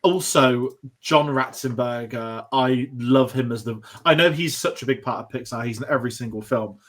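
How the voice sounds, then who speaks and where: A man's voice: medium pitch, normal speed. A man co-hosting a film podcast, chatting enthusiastically and rambling with restarts. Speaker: podcast co-host. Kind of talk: casual film discussion.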